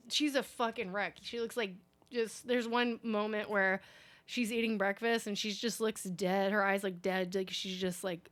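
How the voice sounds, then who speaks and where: A woman's voice: mid-range voice, fairly bright tone. A woman co-hosting a podcast, bluntly recapping a movie with frequent swearing. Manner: blunt, profane, talkative. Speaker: podcast co-host. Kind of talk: casual movie recap chat.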